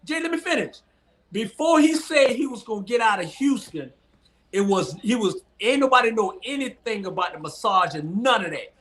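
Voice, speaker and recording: A man's voice: high voice, big pitch swings, normal speed, a bit bright. A man co-hosting a sports talk show on a video call, arguing emphatically and repeating his points. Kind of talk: heated sports debate.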